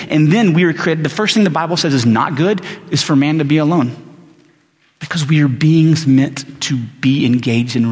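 A man preaching a sermon in a loose, conversational way, full of fillers and rhetorical questions. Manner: conversational, many fillers, rises in pitch when excited. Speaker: pastor. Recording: reverberant hall.

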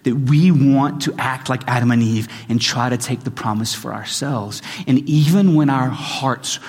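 A pastor preaches an earnest sermon in a large hall with long reverb, restarting often as his scripture readings build in intensity. His voice is mid-range, husky, a little mellow, and paced normally.

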